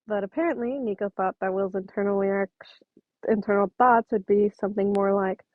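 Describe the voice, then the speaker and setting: A woman's voice: medium pitch, fairly even intonation, brisk, no echo, highs cut off. Chatty woman reading fan fiction. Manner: chatty, self-interrupting, apologetic asides. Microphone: home microphone.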